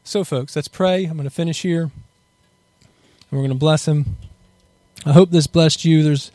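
Fervent high-voiced male preacher. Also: fairly even intonation, moderate pace, pauses often, mellow, no room sound. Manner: fervent, rising to impassioned peaks, uses Hebrew terms. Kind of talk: sermon and prayer.

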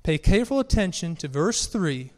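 A man's voice: a little high, big pitch swings, moderate pace. A man preaching a sermon to a congregation, earnest and building force as he reads scripture aloud. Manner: earnest, rises and presses when reading scripture aloud. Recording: long reverb of a hall.

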